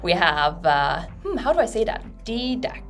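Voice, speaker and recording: A woman's voice: medium pitch, big pitch swings, moderate pace, a bit bright, soft background music. Bubbly giggly woman hosting a livestream. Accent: American. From Sweden. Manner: bubbly, giggly, reads viewer comments. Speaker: livestream host. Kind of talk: casual livestream chat.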